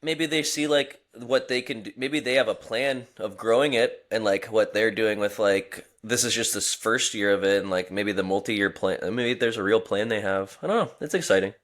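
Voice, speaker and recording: A man's voice: lowish voice, moderate pace, few pauses, fairly bright tone. A man co-hosting a podcast, speaking casually and rambling with lots of filler words. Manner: rambling, heavy use of "like". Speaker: podcast co-host.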